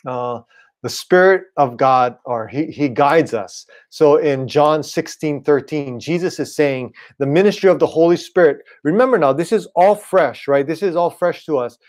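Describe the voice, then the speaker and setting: A man's voice: fairly high pitch, normal speed. Casual male pastor from Hawaii. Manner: casual, repeats "right?" and "you know". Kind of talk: conversational online sermon.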